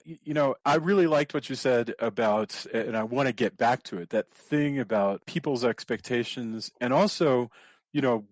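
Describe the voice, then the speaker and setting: A man's voice: medium pitch, no echo. Musing male podcast co-host, dry sound. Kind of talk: casual film discussion.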